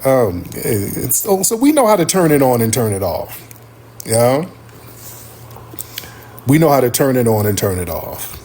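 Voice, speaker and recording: A man hosting a live stream, telling a story casually and acting out other people's voices with big pitch jumps. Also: darkish tone, slight background noise. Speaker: livestream host.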